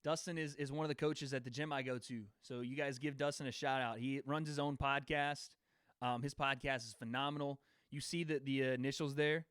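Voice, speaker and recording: A man's voice: mid-range voice, fairly even intonation, brisk, a bit bright, clean tone, no echo, clean studio sound. Laughing young man chatting with his stream. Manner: laughing, bantering with chat. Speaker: livestream host. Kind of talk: casual livestream chat and fight predictions.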